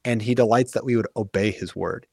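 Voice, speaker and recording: A man's voice: lowish voice, steady tone, fairly quick, vocal fry, breathy edge, dry recording, clean studio sound. A man as an interview guest, explaining in an earnest, thoughtful way with many fillers and restarts. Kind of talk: casual conversational explaining.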